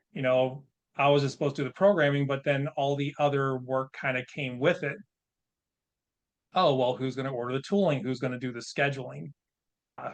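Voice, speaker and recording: A man in his fifties speaks as a podcast guest, frank and plain-spoken. His voice sits at an ordinary middle pitch. He tells his story with candid self-reflection.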